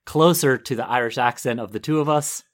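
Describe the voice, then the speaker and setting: A man co-hosting a relaxed podcast conversation. He chats easily, laughs often, and drifts off mid-sentence before picking the thought back up. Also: mid-range voice, fairly quick. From northern United States. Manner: chatty, laughs often, trails off and restarts. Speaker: podcast co-host. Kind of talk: casual chat.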